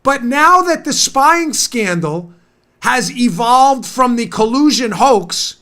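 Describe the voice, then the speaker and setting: A man hosts a political talk show in a high, bright voice. He hammers his points home, often saying a line twice for stress. Quick asides break into his delivery. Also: expressive.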